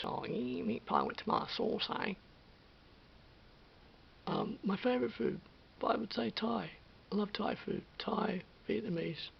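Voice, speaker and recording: An Australian man in his fifties rambling through a late-night vlog, full of restarts and repeats. His voice is gravelly, slightly high, and swings widely in pitch. The recording is dull and lo-fi with a faint hiss. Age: 50s. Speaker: vlogger. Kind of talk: rambling monologue.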